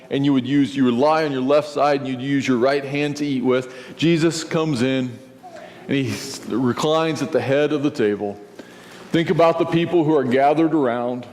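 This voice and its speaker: A male pastor preaching a sermon, telling a story and acting out its scenes. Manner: storytelling, acts out scenes, lively shifts in pitch. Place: church sanctuary. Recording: long church reverb, faint noise.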